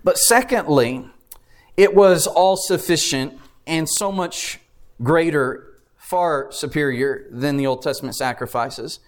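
A man's voice: on the high side, slow. A man preaching a sermon, reading scripture aloud and explaining it with earnest emphasis.

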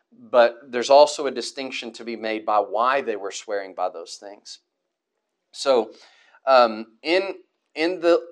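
Man teaching a Bible class. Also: medium pitch. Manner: reads scripture aloud and explains it, with fillers and restarts. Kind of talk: Bible study lesson.

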